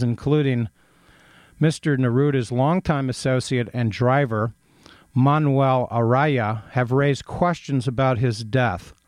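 A man's voice: mid-range voice, a little mellow, dry recording. A man reading news aloud and adding his own opinions, hesitating often with ums and uhs as he goes. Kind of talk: casual news commentary.

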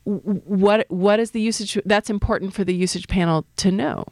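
A woman's voice: mid-range voice, moderate pace, darkish tone, no room sound. Thoughtful woman explaining, dry sound. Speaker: linguist, usage panel member. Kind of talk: conversational interview answers.

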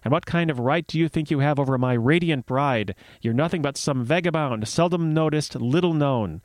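A man's voice: on the high side, moderate pace, dry recording, natural voice. A man voicing a blunt, boastful male dwarf suitor in a read-aloud myth, speaking testily and impatiently. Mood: scornful. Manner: testy and impatient.

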